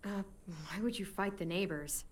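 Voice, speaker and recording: A woman's voice: on the low side, normal speed, a crowd in the background, lightly acted. An actress playing a kind, curious young woman in a game.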